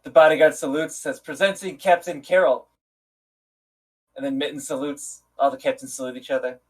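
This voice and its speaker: A man's voice: mid-range voice, little pitch movement, fast. A man narrating a tabletop game on a live stream as game master, casual, laughing often and swearing freely.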